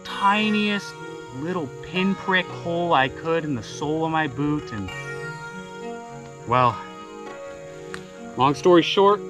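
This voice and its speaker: A man's voice: a little high, animated, takes it slowly, pauses often, music in the background, low-quality recording. A man telling a folksy tall tale in a casual, rambling way, full of fillers. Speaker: storyteller.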